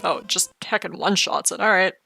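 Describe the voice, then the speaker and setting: A woman's voice: lowish voice, brisk, gravelly, bright, forceful tone, husky, no room sound, soft background music. A woman casually commenting as she plays a video game, joking and chatting in a playful way. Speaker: let's play host.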